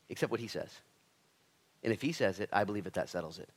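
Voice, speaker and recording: A man's voice: on the low side, expressive, fast. Impassioned male pastor preaching. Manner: impassioned, swings from loud emphatic lines to hushed near-whispers; casual slangy address, says "dude" and "man". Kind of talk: sermon.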